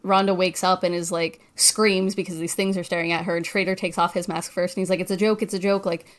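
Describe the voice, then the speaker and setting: A woman in relaxed conversation walks through a horror film scene by scene. She slips into quick character voices as she quotes lines, then drops back into easy chat. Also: on the low side. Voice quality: animated retelling with quoted voices. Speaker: podcast co-host. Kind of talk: casual movie recap chat.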